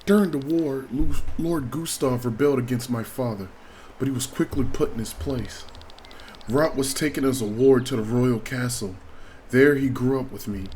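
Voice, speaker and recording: A man's voice: medium pitch, normal speed, a little mellow, slight background noise, lightly acted. A man reading aloud the lines of a young princess in a game, in his own plain voice with little change. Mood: earnest. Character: young princess, earnest and composed.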